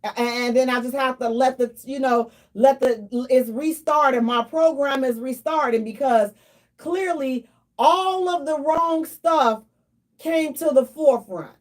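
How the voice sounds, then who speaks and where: A woman hosting a radio talk show in a lively, playful storytelling manner. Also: high voice, unhurried. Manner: animated, playful, slips into mock prayer and acted quotes.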